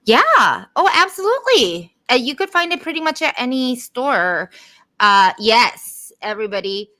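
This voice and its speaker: A woman's voice: on the high side, big pitch swings, measured pace, bright, forceful tone. A woman co-hosting a casual chat on a video call, candid and chatty. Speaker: co-host.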